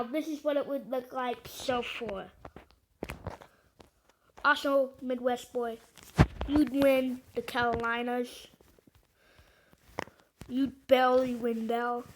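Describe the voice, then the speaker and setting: Her fairly high voice comes through a rough recording with some hiss or hum as this video creator discusses an election map. She's casual and meandering, hesitating with plenty of fillers and poking fun at herself.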